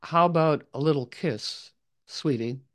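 A man's voice: fairly high pitch, unhurried, fairly bright tone. A man voicing a brash enchanted old dame. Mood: commanding. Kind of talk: oral storytelling.

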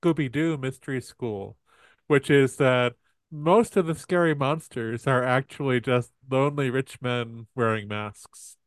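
A man chimes in on a group video call in a dry, matter-of-fact manner. His pitch is mid-range, and the sound is close and dry. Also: measured pace, no echo. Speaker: participant.

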